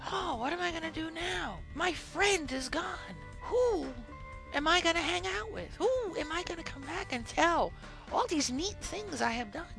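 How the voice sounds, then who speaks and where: A woman's voice: very high-pitched, expressive, moderate pace, vocal fry, fairly bright tone, faint music behind, voice pushed up, heavily acted. A woman voicing a clingy, overeager male death knight who pleads in a whiny, childlike way.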